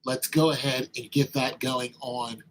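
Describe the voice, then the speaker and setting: A man's voice: mid-range voice, fairly even intonation, a little slow, a bit bright, a little hiss or hum, voice pushed down, close to an everyday voice, poor audio. A man voicing a flirty woman he meets at the grocery store, stretching words out playfully.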